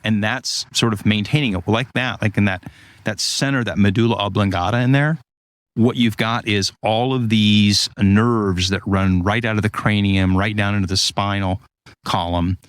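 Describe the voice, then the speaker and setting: A man in casual conversation, explaining ideas through lively stories and acted-out quotes. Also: fairly low pitch, moderate pace, dry recording. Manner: animated storyteller, acts out quotes.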